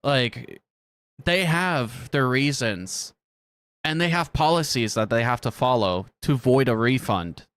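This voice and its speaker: A man's voice: medium pitch, lively intonation, slow, fairly bright tone, clean tone, no echo. A man reacting on a live stream with casual, profane commentary, ranting and laughing often.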